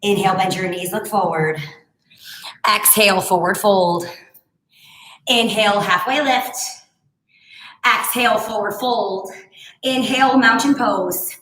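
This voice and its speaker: A woman's voice: mid-range voice, unhurried, pauses often, fairly bright tone, roomy sound, rough recording. A woman in her thirties teaching a home barre workout, chatting through stories between exercise cues. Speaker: barre instructor. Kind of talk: live home workout class cueing.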